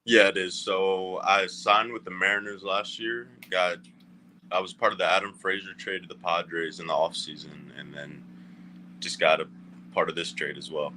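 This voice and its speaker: A man's voice: deep voice, level tone, moderate pace, bright, forceful tone. A young man from Southern Maryland, a baseball player, giving easygoing, short answers in an interview. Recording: faint background noise.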